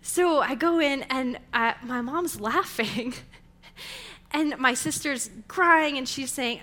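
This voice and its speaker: A woman's voice: high-pitched, slow, sharp tone. A young adult woman giving a sermon in a conversational, storytelling way. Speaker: preacher.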